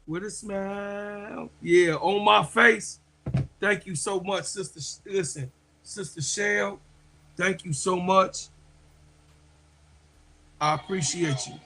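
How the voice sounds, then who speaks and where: Man, livestream host, emotional, unhurried, heartfelt, raspy. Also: high-pitched, bright, forceful tone, rough recording. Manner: slow, heartfelt, repeats phrases. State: emotional, near tears. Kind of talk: emotional livestream chat to viewers.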